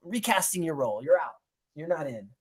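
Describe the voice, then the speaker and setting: A man's voice: on the high side, a little fast, breathy edge. A man co-hosting a casual podcast, telling stories with acted-out quotes and lots of swearing. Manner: animated storyteller, acts out quotes, swears a lot. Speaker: podcast co-host. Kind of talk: casual chat.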